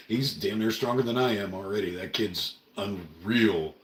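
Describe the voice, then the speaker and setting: A man's voice: fairly low pitch, expressive, slow, far from the mic. A middle-aged man from Oregon hosting a home livestream, speaking in an earnest, rambling, emotional way. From Oregon, USA. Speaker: livestream host. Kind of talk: casual livestream monologue. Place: room at home. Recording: roomy, a bit off-mic.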